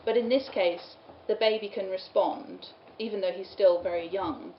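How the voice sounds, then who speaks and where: A woman's voice: mid-range voice, steady tone, normal speed. A woman giving a lecture at a study day, explaining medieval poems and reading lines aloud, with an easy laugh now and then. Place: lecture room. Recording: roomy, dull, with faint room noise.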